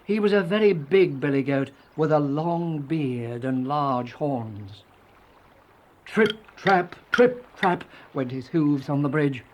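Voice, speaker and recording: A reader narrating a children's fairy tale in a gentle, storybook telling. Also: mid-range voice, a little slow, hardly any pauses, a little hiss or hum.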